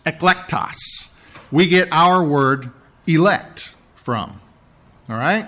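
Animated, high-voiced male preacher. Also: slow. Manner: animated, mocks the priests in a put-on sneering voice. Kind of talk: sermon.

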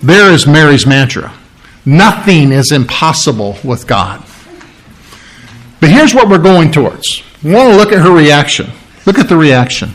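A man preaching a sermon, explaining scripture earnestly and acting out the story with lively voices. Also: on the high side, a little slow, rough recording.

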